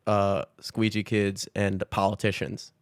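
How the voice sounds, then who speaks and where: Young male podcast co-host, low voice, loose and profane, close dry mic. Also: little pitch movement, measured pace, no echo. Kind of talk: casual chat.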